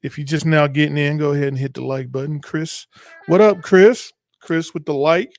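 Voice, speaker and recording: A man's voice: a little high, level tone, fairly quick, creaky, no room sound. A man co-hosting a casual livestream, greeting viewers in a laid-back way. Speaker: co-host.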